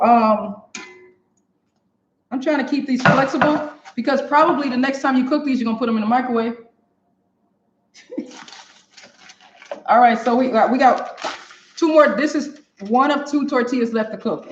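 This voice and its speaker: A cooking show host runs a live demo from her home kitchen, speaking directly to viewers and laughing often. Her voice sits on the high side at a moderate pace, with frequent pauses. The echoey kitchen gives a dull, lo-fi sound with a little hiss or hum.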